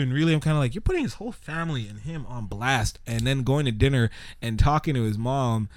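A man chatting casually on a podcast, telling animated stories and slipping into quoted voices. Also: medium pitch, moderate pace, no room sound, studio quality. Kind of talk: casual chat.

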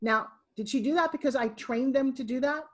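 A middle-aged woman with a slightly husky, somewhat high voice chats as a podcast guest. She tells stories with energy and acts out what people said along the way. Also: a little fast. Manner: animated storyteller, acting out quotes. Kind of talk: casual interview.

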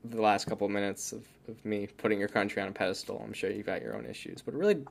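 A young man co-hosting a podcast from the United States, joking in quick casual banter. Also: fairly low pitch, gravelly. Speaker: podcast co-host. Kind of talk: casual chat.

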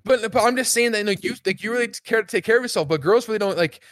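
A man's voice: sits high, very fast, a bit bright. A young man co-hosting a podcast, rambling through crude, teasing banter in a casual chat. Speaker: podcast co-host.

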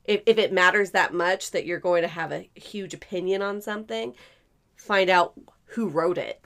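Woman co-host, lowish voice, blunt casual talker, swears a lot, restarts sentences. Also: moderate pace, a bit bright. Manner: frank, swears often, restarts mid-thought. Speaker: podcast co-host. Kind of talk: casual chat.

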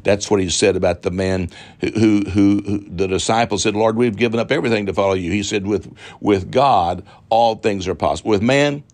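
Fervent low-voiced televangelist man. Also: darkish tone. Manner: fervent and repetitive, with drawn-out emphatic phrases. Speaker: televangelist pastor. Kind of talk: televised sermon with donation appeal.

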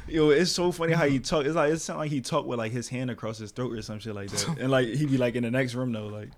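A man with a mid-pitched voice talks rapidly in a casual group chat. He jokes often and speaks in slang. He keeps a loose, playful tone. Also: a little hiss or hum. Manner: quick, joking, slangy.

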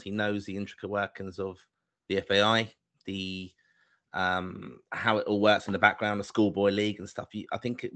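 A London-born man co-hosting a football chat, speaking in a measured, hesitant way with fillers. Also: lowish voice, fairly bright tone. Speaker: podcast co-host.

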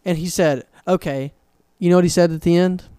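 A man's voice: sits high, fast, clear, resonant tone, no room sound. A young man, casually telling a story on a podcast and acting out the people in it with a raised voice. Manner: animated, acts out quotes in a raised voice. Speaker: podcast co-host.

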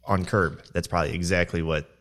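A man with a notably low, deep voice, chatting casually on a podcast. He talks bluntly and swears freely, halting and restarting as he tells rough stories from his construction work. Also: fairly even intonation, fairly bright tone. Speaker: podcast co-host; construction worker. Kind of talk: casual chat.

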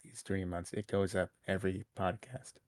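A young man co-hosting a podcast, joking in a dry, deadpan way. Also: low voice, normal speed, no echo. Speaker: podcast co-host. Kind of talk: casual chat.

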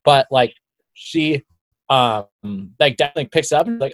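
A man's voice: on the high side, moderate pace, dry recording. A young man chatting casually as a guest, rambling with lots of filler words. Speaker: guest, bike racer. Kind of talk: casual chat.

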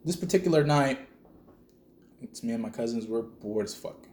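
A man's voice: mid-range voice, expressive, normal speed, darkish tone. A man from El Salvador telling a spooky childhood story in casual, profane podcast chat. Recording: echoey room.

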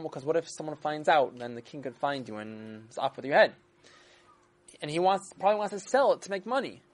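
An animated storyteller reading out a tale for children. The voice climbs and falls widely, and the teller stops to quiz the listeners. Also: medium pitch, fast. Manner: animated, asks listeners questions.

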